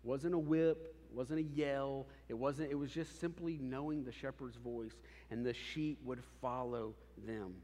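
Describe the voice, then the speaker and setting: A man in his thirties preaching a sermon as pastor, conversational and animated, telling family stories. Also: mid-range voice, a little slow, few pauses. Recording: long hall reverb.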